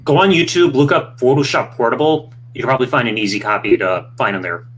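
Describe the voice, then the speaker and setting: A man's voice: mid-range voice, fast talker. A man from Michigan chatting casually and offhandedly as a co-host. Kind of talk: casual chat.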